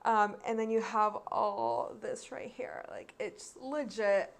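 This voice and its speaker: A woman's voice: a little high, fairly even intonation, slow pace, creaky. A young woman with a Mexican American accent chatting casually to her viewers in a vlog, mixing Spanish into her English. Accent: Mexican American, switching into Mexican Spanish. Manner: chatty, mixes English and Spanish mid-sentence. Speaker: makeup vlogger.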